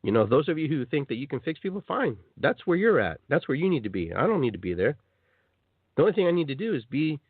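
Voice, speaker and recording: Animated man hosting a spiritual radio talk. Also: medium pitch, breathy edge, no room sound, narrow, tinny audio. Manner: animated, acts out little scenes in playful voices. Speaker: host. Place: radio show.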